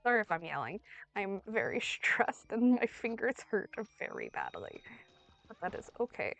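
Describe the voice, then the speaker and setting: A young woman streaming a video game, talking to it as she plays, pleading, yelling and swearing freely. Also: mid-range voice, very animated, normal speed, vocal fry. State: under the weather. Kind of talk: casual gameplay commentary. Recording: dry close mic with faint game music.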